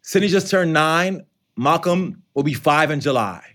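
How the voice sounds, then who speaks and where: Male author being interviewed, slightly high pitch, animated and chatty. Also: unhurried. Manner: animated, conversational, acts out quotes. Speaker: author and educator. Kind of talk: interview answers.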